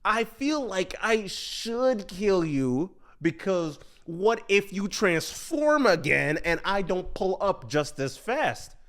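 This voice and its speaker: A weary young male superhero who talks bluntly and sounds fed up, as a man acts him out. The voice sits high, and his manner is flat and exasperated. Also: takes it slowly, hardly any pauses, heavily acted. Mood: brooding.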